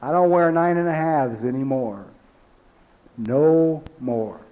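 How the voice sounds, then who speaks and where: Man, forties, high voice, recovery meeting speaker, conversational, frequent "you know", drops quiet for emphasis. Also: animated, normal speed, lo-fi sound. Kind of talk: personal story talk. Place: meeting hall.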